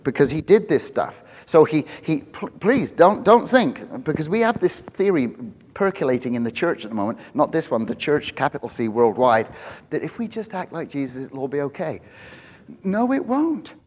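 Middle-aged male pastor, a bit high-pitched, chatty and self-deprecating in the pulpit; the church hall rings behind him. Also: big pitch swings, normal speed, a little mellow. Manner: conversational and joking, self-mocking. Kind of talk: sermon.

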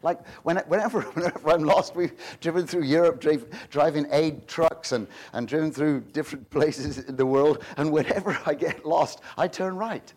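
A male pastor delivering a sermon, his voice sitting notably high for a man. He preaches in an animated, chatty way, stumbling over repeated words and breaking into laughter between points. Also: moderate pace, few pauses. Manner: animated, conversational preaching with frequent repetitions and laughs.

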